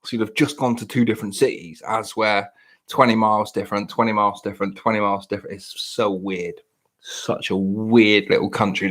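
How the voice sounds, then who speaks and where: A man's voice: on the low side, slightly rough. A young English man in casual podcast chat, blunt, profane and rambling. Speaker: podcast host.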